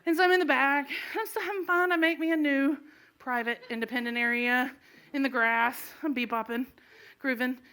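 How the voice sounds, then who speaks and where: A middle-aged woman telling a true comic story on a live stage, animated and laughing as she goes. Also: high-pitched, moderate pace, clean tone. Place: live stage before an audience.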